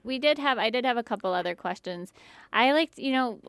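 Woman radio co-host, chatty, self-mocking, smooth clear voice. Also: a little high, lively intonation, brisk, a bit bright, no room sound, clean studio sound. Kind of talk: casual interview chat.

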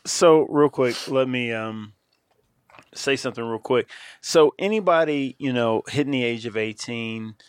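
A man's voice: medium pitch, a little slow, clear, resonant tone, no echo, clean studio sound. A man co-hosting a podcast, talking steadily and earnestly in a casual chat. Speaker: podcast co-host.

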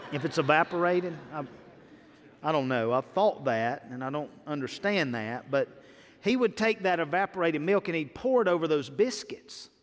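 A preacher with a fairly high, bright voice delivers his sermon in a church sanctuary. He mixes folksy homespun stories with emphatic points, rising loud and dropping soft. A long reverb trails every line. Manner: folksy storytelling, dramatic swings between loud and soft. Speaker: pastor.

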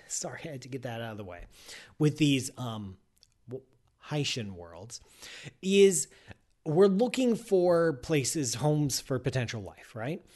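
Animated man hosting a live science show. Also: on the high side. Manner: animated and playful, ranting in mock outrage; rambling, with digressions and restarts.

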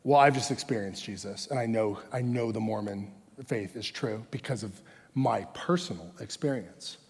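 A man's voice: fairly low pitch, moderate pace, darkish tone, voice pushed down, natural voice. A man voicing a polite young male missionary who is earnest and courteous, in his own everyday voice. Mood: sincere. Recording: long hall reverb.

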